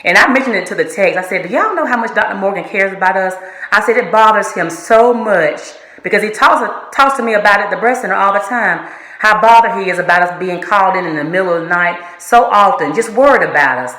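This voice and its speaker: A woman's voice: mid-range voice, lively intonation, brisk, bright, forceful tone. A woman, an ultrasound tech, earnestly giving a heartfelt farewell message straight to the listener. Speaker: ultrasound technologist. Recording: echoey room.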